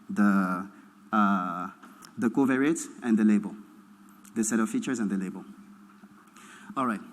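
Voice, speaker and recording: A man delivers an academic keynote in a large hall, his voice trailing a long reverb. He explains step by step and keeps repeating himself until everything is clear, dotting his speech with "uh" and "right?". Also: mid-range voice. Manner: explains slowly, repeats points, frequent uh and right?. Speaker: keynote speaker. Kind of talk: academic lecture.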